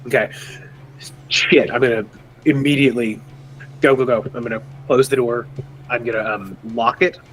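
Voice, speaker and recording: A man at a tabletop game talks through his character's moves, restarting and thinking aloud as he goes. His pitch sits in the middle range for a man. A faint noise stays underneath. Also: fairly even intonation, moderate pace, long pauses, fairly bright tone, rough recording. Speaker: player.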